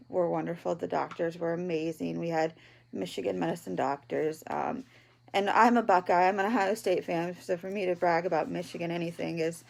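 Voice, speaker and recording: A woman in her thirties talking in a personal video diary from home, halting and tearful, with many pauses and ums. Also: fairly low pitch, gravelly, darkish tone. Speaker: vlogger, patient. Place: at home, in bed.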